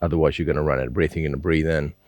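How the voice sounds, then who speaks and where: A man with a very low, deep voice guides students through a slow breathing exercise. He coaches patiently and repeats himself, often checking in with a quick "yeah?". The sound is dry and close, with no room echo. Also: steady tone, a little mellow. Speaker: qigong teacher.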